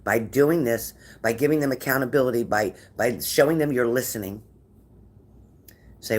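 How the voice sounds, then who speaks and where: A man reads tarot cards for his viewers with a steady, mid-range voice. His tone is encouraging, and he repeats key phrases so they sink in. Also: medium pitch, normal speed. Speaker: tarot reader.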